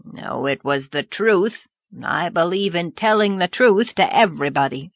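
A woman's voice: on the low side, lively intonation, a little slow, no echo. A woman voicing a blunt, outspoken older farmer in an audiobook, growling and grumbling. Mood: gruff. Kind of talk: audiobook character voice.

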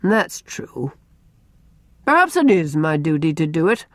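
A blunt, homespun middle-aged farm wife, as a female audiobook reader puts her on, quick to fuss and quick to soften. Her voice rises and falls lively, in a dry, close recording. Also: low voice, dry recording. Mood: resigned. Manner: blunt, homespun, fond "dearie". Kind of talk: audiobook character reading.

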